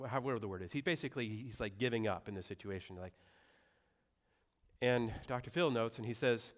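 A man's voice: medium pitch, brisk. A young adult man preaching a sermon in a conversational way, with asides and rhetorical questions. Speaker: pastor.

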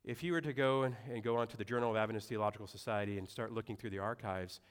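A man's voice: on the low side, fairly even intonation, very fast, clean tone. A young adult man preaching a sermon in a conversational way, with asides and rhetorical questions. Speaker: pastor.

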